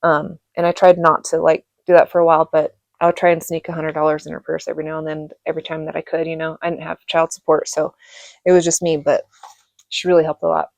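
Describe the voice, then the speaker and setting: A middle-aged woman from Reno telling rambling stories about her childhood, laughing often and filling pauses. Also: low-pitched, level tone, gravelly, no echo. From Reno, Nevada. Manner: rambling, chatty, laughs often, many fillers. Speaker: vlogger. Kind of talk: casual storytelling monologue.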